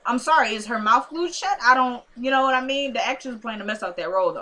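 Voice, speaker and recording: A woman's voice: fairly high pitch, expressive, quick pace, sharp tone, low-quality recording. A young adult woman casually recapping a TV episode, rambling with lots of fillers. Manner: rambling, lots of "like" and "you know".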